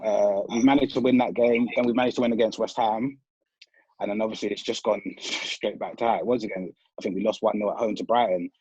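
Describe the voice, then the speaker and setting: A man's voice: fairly low pitch, a little fast, husky, no room sound. Man on a dull lo-fi call. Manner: relaxed, frank, self-correcting. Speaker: podcast guest, football fan. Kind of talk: casual football chat. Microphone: video or phone call. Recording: dull lo-fi call audio, dry.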